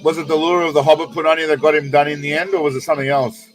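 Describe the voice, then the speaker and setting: A man's voice: fairly high pitch, level tone, very fast, faint music behind. Rambling, profane male streamer. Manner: rambling, profane, many restarts. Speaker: streamer reacting to clips. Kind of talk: casual live-stream commentary.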